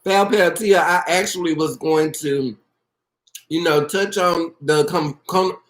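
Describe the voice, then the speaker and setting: Give me a woman chatting on a live stream, effusive and affectionate, calling viewers by name and praying out loud. She talks slowly, and her voice carries a roomy echo. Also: on the low side. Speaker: orchid pot seller hosting a live video. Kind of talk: casual live-stream chat.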